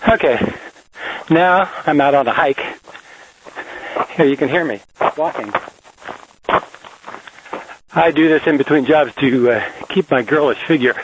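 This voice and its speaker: A man's voice: fairly high pitch, unhurried, pauses often, dull audio, background noise. A man in his fifties, a locksmith, telling dry jokes in a rambling monologue full of fillers into a small handheld recorder. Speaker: locksmith podcaster. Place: driving a van, then hiking outdoors. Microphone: small handheld digital voice recorder.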